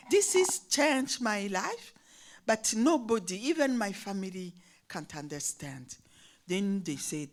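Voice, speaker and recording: Older woman, guest speaker; slow, lively-pitched, halting delivery with restarts. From Burundi. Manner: halting, restarts words, nonstandard phrasing. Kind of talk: personal testimony.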